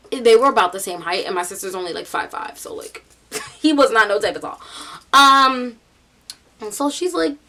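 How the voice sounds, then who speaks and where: A young woman with a New York accent telling a story casually, full of "like" and "um", bringing the people in it to life. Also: fairly high pitch. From United States. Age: young adult. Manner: chatty, animated storytelling with quoted voices; many fillers like "like" and "um". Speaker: vlogger.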